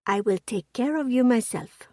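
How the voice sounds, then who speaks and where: A woman's voice: animated, moderate pace, no echo, clean studio sound. A woman voicing a petite, bubbly dressmaker with a thick French accent, in a storybook reading. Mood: eager. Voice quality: high and loud, effusive.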